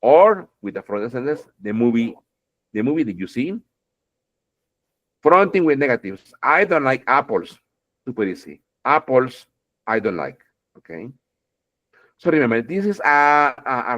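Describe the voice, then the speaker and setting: A man's voice: mid-range voice, a bit bright. A man teaching an online English grammar lesson, often checking in with "okay?" and repeating words as he explains. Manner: keeps checking in with "okay?", repeats words, addresses students fondly.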